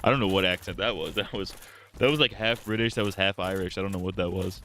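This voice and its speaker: Brief: young male streamer, bright and forceful voice, wisecracking gameplay reactions. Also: low-pitched, fast talker, slight background noise. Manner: joking, reactive, swears freely, laughs at his own bits. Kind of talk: casual gameplay commentary.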